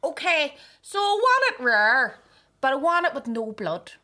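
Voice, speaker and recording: A woman's voice: high voice, sing-song, unhurried, pushed and bright, pitched above the performer's own voice, full character voice. A woman voicing a fussy, demanding young woman customer with a Ballymena accent.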